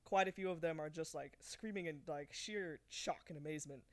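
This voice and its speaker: A man narrating a tabletop game as game master, relaxed and enthusiastic, with lots of fillers. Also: fairly high pitch, a little fast.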